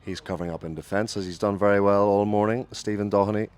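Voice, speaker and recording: A deep-voiced man calls cricket ball by ball on the radio from a commentary booth. His delivery turns lively on big shots, and he puts his own slips right as he talks. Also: fast talker. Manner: lively ball-by-ball calling, corrects himself.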